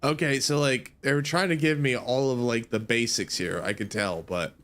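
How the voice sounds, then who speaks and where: A young man streaming a game for the first time, talking in a drowsy, rambling way with lots of fillers. His voice sits at an ordinary middle pitch. The delivery stays loose and relaxed. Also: normal speed, hardly any pauses. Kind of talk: casual let's-play commentary.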